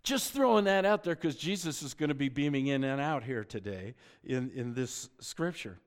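A middle-aged pastor with a medium-pitched, expressive voice preaches at a moderate pace. He tells the story with joking asides, stammering and restarting his sentences often.

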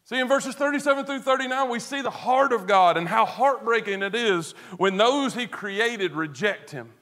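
A man delivers a sermon in a fairly high voice for a man. He is earnest, dropping to hushed tones and rising to emphatic stress. He leans on rhetorical questions and repeats words to drive a point home. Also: animated, moderate pace. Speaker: pastor.

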